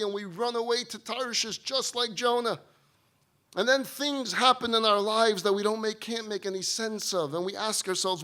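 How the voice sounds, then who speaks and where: A man's voice: high voice, normal speed, pushed and bright. A man giving a rabbi's talk, telling humorous stories with a sermon's message. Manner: humorous storytelling.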